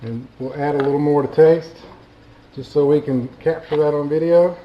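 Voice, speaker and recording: A man's voice: fairly high pitch, fairly even intonation, normal speed, a little hiss or hum. Easygoing man demoing a stew recipe, muffled lo-fi sound. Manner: easygoing, explaining as he cooks. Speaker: cook. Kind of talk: casual cooking demo.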